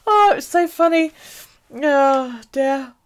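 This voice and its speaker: High-voiced, lively woman vlogger, laughing, sweary anecdote-teller. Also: slow. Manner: swears freely and laughs through the story. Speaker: bullet journal live streamer. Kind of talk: casual storytelling on a live stream.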